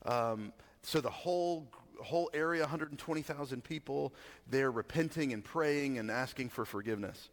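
A man's voice: mid-range voice, normal speed. Man preaching casually in a reverberant hall. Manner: conversational, asks the audience. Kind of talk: casual sermon with scripture reading.

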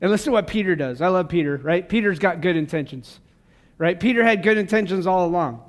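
A man with a high-pitched voice preaches to his congregation. He is fervent and passionate yet conversational, dropping casual asides between points. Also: quick pace. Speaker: pastor. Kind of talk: sermon. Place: church service.

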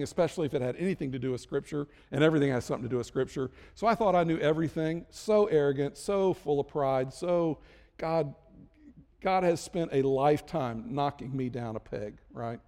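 A man's voice: a little high, darkish tone, big-room sound. A middle-aged man preaching a sermon as a pastor, conversational and self-deprecating with jokes.

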